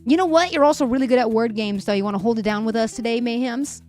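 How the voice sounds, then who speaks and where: Talking fast in a fairly high, darkish-toned voice, a young livestream host reads out viewer messages and chats casually, laughing often. Her voice is slightly fried and worn, with faint music in the background.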